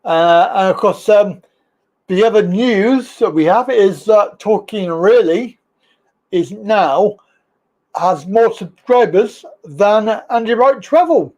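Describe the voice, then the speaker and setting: High-voiced Brummie man hosting a livestream. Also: lively intonation, slow pace, a little mellow. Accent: Birmingham. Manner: chatty, rambling, teasing. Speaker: livestream host. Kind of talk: casual live-stream chat.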